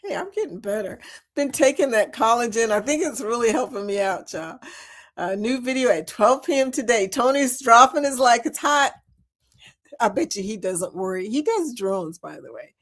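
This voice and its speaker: A woman's voice: a little high, lively intonation, moderate pace. A woman hosting a casual livestream, chatty and giggly, calling her viewers y'all as she reads their comments. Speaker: livestream host. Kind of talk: casual live chat reading comments.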